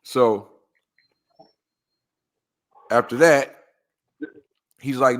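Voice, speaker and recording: A guest storyteller from Los Angeles animatedly tells a story in casual chat, acting out the quoted voices of the people involved. His fairly high, slightly bright voice has a sing-song lilt at a normal speed, and his telling is packed with slang and rhetorical asides.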